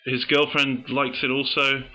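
A man's voice: medium pitch, little pitch movement, unhurried, sharp tone. A man co-hosting a podcast in playful casual chat, often restarting his sentences. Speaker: podcast co-host. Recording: dull muffled audio.

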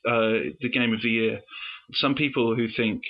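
A man at middle pitch co-hosting a podcast, bantering playfully and often restarting mid-sentence. His audio sounds muffled and dull. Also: fairly even intonation, normal speed. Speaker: podcast co-host. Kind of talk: casual chat.

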